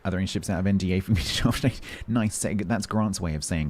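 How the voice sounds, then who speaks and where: A man's voice: sits low, fast talker, hardly any pauses. A man streaming a game, chatting casually with his chat and reading update notes aloud, breaking off to joke and answer questions.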